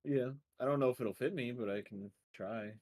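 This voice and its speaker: A man's voice: medium pitch, moderate pace, darkish tone, slight background noise. A man playing a tabletop game, polite and easygoing, sometimes speaking in character. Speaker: player.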